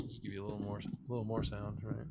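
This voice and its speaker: A man teaching a guitar lesson one-on-one, explaining technique as he demonstrates, swinging between lively stressed phrases and quiet asides. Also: lowish voice, fast, gravelly. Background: guitar strumming.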